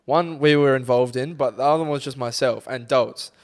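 A man's voice: mid-range voice, a little fast. A man co-hosting a podcast, telling a night-out story in casual chat, swearing freely and acting out quotes. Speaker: podcast co-host.

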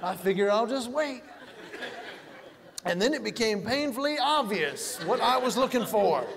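A male stand-up comedian telling jokey stories on stage in an animated way. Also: very high-pitched, a little slow, gravelly, a crowd in the background. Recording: long hall reverb, faint noise.

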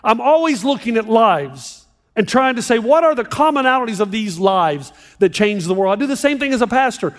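A man preaching a sermon as pastor, animated and joking with a live audience in a large hall. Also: extremely high pitch, a little fast. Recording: long hall reverb.

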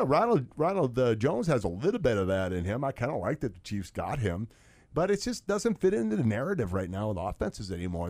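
A man's voice: medium pitch, darkish tone, no room sound. A man who played football, chatting casually and telling rambling anecdotes with plenty of fillers. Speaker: co-host, former football player. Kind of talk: casual sports chat, storytelling.

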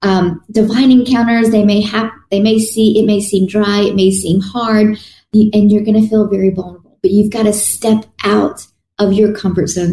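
A woman's voice: medium pitch, dark tone. Woman preaching in an echoey room. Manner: earnest, conversational preaching with restarts. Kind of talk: sermon.

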